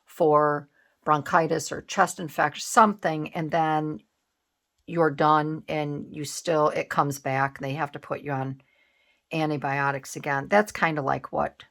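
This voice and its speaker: A woman's voice: deep voice, steady tone, measured pace, a bit bright. A middle-aged woman vlogging in casual chat while making a collage, rambling with many fillers and restarts.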